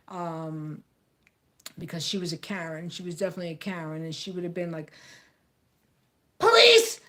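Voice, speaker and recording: An American woman talking straight to camera in a blunt, outspoken rant, repeating phrases for emphasis. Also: on the low side. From United States. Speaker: vlogger.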